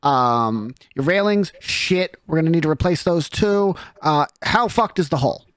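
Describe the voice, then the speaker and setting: A woman's voice: low voice, lively intonation, clear, resonant tone, no echo. A man voicing a tall, blunt, foul-mouthed woman who runs a crew of carpenters. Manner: blunt, swears, brisk.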